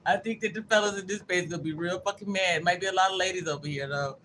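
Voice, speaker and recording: A woman with a lowish, fairly bright voice hosts a casual livestream, quickly reading viewer comments aloud and answering bluntly with profanity and joking asides. The low-quality recording has slight background noise.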